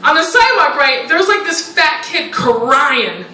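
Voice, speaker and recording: A high, lively woman performs a stand-up comedy set on a club stage, talking a little slowly. She's chatty and self-mocking, peppering her lines with "like" and "you know," and the roomy live recording is made from a distance amid loud crowd noise.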